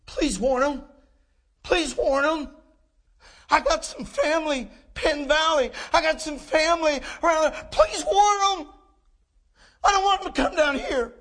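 A man's voice: very high voice, a little slow, fairly bright tone, pitched above the performer's own voice. A preacher acting out a tormented man crying and pleading from hell. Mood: anguished pleading. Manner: pleading, wailing.

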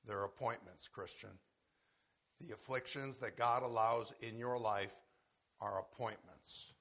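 A man preaches with a husky, gravelly voice that has a bright, forceful edge. He bursts into loud shouts when acting out scripture scenes, then sinks to quiet, low asks of his listeners. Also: fairly even intonation, measured pace. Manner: swings from loud shouted acted quotes to low quiet asides. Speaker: pastor. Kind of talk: sermon.

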